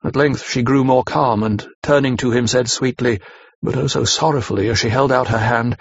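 List: male narrator, husky voice, measured reading, dry close sound, slightly dull lo-fi recording. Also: medium pitch, fairly even intonation, dry recording. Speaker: audiobook narrator. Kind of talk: scripted narration of a classic novel.

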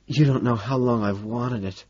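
A man's voice: medium pitch, normal speed, husky, dull audio, lightly acted. A man whispering as a breathless lovestruck man. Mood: hushed pleading. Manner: panting, hushed and pleading. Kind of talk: audiobook character voice.

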